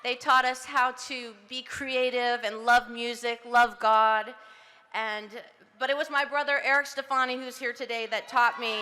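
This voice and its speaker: A woman's voice: on the high side, steady tone, moderate pace, long reverb tail, background noise. A middle-aged woman from Southern California giving a heartfelt acceptance speech, chatty and laughing often as she tells stories with quoted voices. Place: outdoor ceremony.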